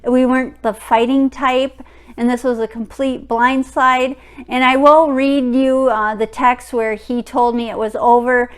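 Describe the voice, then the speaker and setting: Slow, smooth-voiced woman in her fifties. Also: flat delivery. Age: 50s. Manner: frank and blunt, drops into a low murmur when reading texts aloud. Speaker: vlogger. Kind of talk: casual storytelling to camera.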